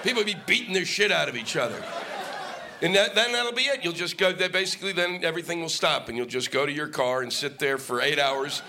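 A man's voice: fairly high pitch, lively intonation, fairly quick, sharp tone. A middle-aged man doing a stand-up comedy set on stage, ranting and exasperated, swearing often. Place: stage before an audience.

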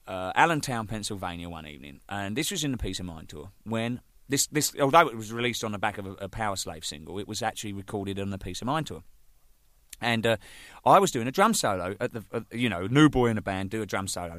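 Ex-band drummer, animated swearing raconteur, bright and lively voice. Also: male voice, fairly low pitch, no echo, studio quality. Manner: swears freely, acts out the people in his stories. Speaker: drummer telling band anecdotes. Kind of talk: casual anecdotal storytelling.

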